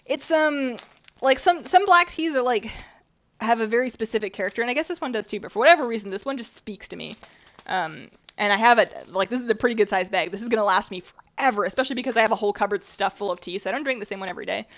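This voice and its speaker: A woman chatting casually while she bakes on a stream, rambling a bit, her voice slightly rough at the tail end of a cold. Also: a little high, expressive, fast, fairly bright tone. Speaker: baking streamer. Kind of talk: casual chat while baking.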